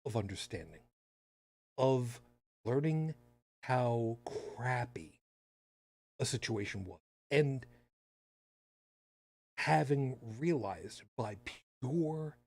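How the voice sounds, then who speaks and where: A man's voice: mid-range voice, animated, very slow, pauses often, a little mellow, breathy edge, no room sound. A man hosting a podcast in casual chat, talking with sarcastic, rambling asides. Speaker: podcast host.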